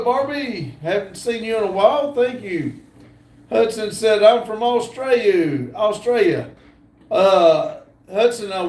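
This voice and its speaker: A man's voice: sits high, darkish tone. An older man hosting a casual livestream, reading viewer comments aloud with lots of ums and uhs. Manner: reads viewer comments aloud with many fillers. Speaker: livestream host reading chat. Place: indoor room at a computer. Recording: echoey room.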